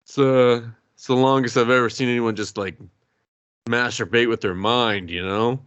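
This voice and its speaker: A man's voice: mid-range voice, steady tone, moderate pace, a bit bright, smooth, no room sound, muffled recording, natural voice. A man voicing a weary old martial arts master with a dry, sarcastic manner.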